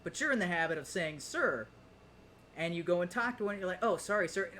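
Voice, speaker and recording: A man with a fairly high voice rambles through a casual podcast chat, jumping into little acted-out quotes as he talks. A faint hiss sits under the recording. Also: animated, brisk, bright, forceful tone. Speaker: podcast co-host.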